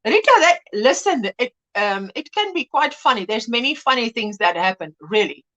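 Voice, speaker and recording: A middle-aged woman hosting a casual livestream, chatting and reading out viewer comments as an animated storyteller who mimics voices and laughs often. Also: fairly high pitch, moderate pace, dull audio. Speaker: livestream host.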